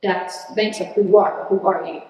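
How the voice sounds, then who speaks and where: A young woman voicing a male wolf who is God, asking questions slowly and over again. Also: mid-range voice, fairly even intonation, darkish tone, lightly acted. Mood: questioning. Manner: slow, repeating questions. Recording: echoey hall, distant mic.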